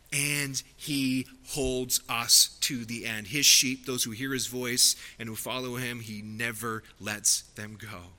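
A man's voice: mid-range voice, sharp tone. A man preaching a sermon from the pulpit, earnest and rising to emphatic peaks. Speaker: pastor.

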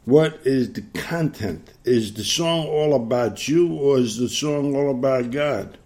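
A man's voice: mid-range voice, unhurried, darkish tone. A man preaching a sermon, emphatic, repeating key phrases and pressing the listeners with rhetorical questions.

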